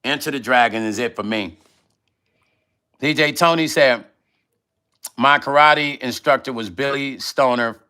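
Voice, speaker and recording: A middle-aged man hosts a casual livestream vlog, eating while he reads out viewer comments and talks loosely, often repeating himself when he gets emotional. His mid-range voice is smooth yet sharp in tone, unhurried, with frequent pauses.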